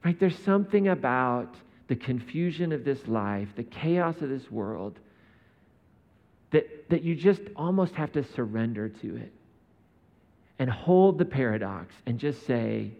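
A man's voice: mid-range voice, expressive, a little slow, gravelly. A man preaching a sermon in a conversational way, often asking his listeners rhetorical questions. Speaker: pastor. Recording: dull sound in a reverberant hall.

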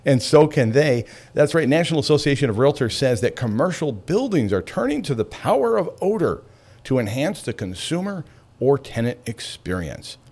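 A man hosting a radio talk show, chatty and animated, laughing between points. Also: fairly low pitch.

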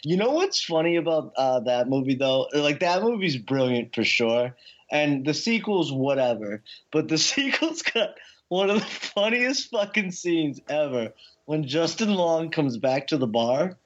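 Guy on a podcast, higher voice that jumps all over, laughs and swears a lot, kinda dull audio. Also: unhurried. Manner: laughs often, swears, lively reactions. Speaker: podcast co-host. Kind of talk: casual podcast chat.

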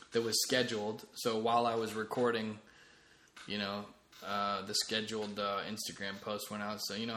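A man's voice: mid-range voice, pushed and bright, a little hiss or hum. A man hosting a solo comedy podcast late at night, rambling casually with restarts. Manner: rambling, with frequent restarts and fillers. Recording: echoey room.

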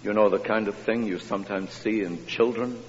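A man preaching a sermon with impassioned delivery that rises to high, emphatic peaks. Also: steady tone, normal speed. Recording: dull reverberant church recording with faint hum.

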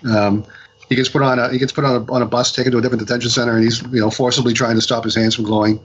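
A man on a casual podcast, retelling a comic's story with lots of ums, restarts and quick acted-out quotes. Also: mid-range voice, flat delivery, highs cut off, slight background noise. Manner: rambling retelling with many fillers and restarts. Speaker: podcast co-host reviewing comics.

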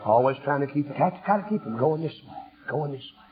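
Man, preacher, shouting revival sermon, high lively voice, dull lo-fi recording. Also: brisk. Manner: rhythmic, rising to shouted peaks then dropping low.

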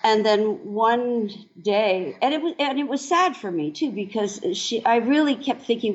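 Slow-speaking woman dancer in her sixties. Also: a little high, lively intonation. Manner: slow, reflective, halting with many fillers. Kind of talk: interview storytelling. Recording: dull lo-fi sound.

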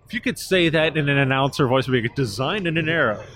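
A man's voice: a little high, animated, quick pace, a bit bright, slight background noise. Playful male podcast host. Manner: playful, teasing questions. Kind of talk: casual podcast interview.

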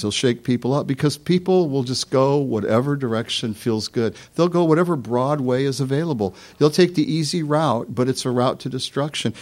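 Man preaching a conversational sermon. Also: medium pitch. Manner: storytelling, swings from soft to emphatic. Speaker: pastor.

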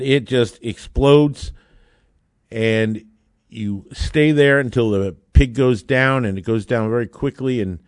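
A man telling a casual anecdote in an excitable way, with frequent fillers and restarts. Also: medium pitch, dry recording, studio quality.

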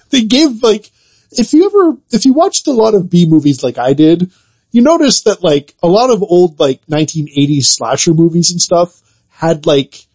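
A man's voice: on the high side, darkish tone, breathy edge. A man co-hosting a podcast, chatting casually about games and movies in a loose, rambling way full of filler words. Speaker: podcast co-host.

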